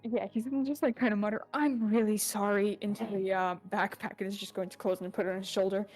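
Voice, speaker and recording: A woman playing a tabletop game who describes her character's actions in a hesitant, halting way. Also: medium pitch, fairly even intonation, a little mellow. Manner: hesitant, halting, many likes and uhs.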